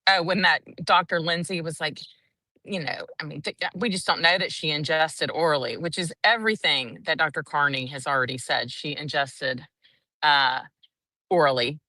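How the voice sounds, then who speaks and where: A woman's voice: low voice, normal speed, sharp tone, no room sound, recorded from a distance. A woman, casually recapping a trial day and acting out the quotes in a chatty, breathless way. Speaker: courtroom trial reporter.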